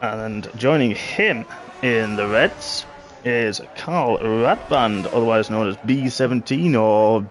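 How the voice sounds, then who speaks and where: A man's voice: on the low side, slow, a little hiss or hum. A man hosting a racing league stream, announcing drivers for each team with teasing jokes. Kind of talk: live-stream banter.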